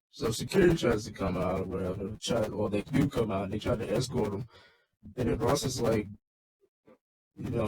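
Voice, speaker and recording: A man's voice: mid-range voice, darkish tone, poor audio. A man casually recapping a wrestling show in a loose, rambling, swearing rant.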